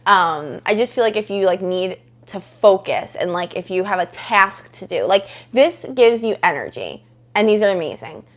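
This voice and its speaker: A woman's voice: medium pitch, expressive. A young woman co-hosting a podcast, chatting casually in an easygoing, agreeable way. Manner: easygoing, agreeable, quick asides. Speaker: podcast co-host. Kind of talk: casual chat.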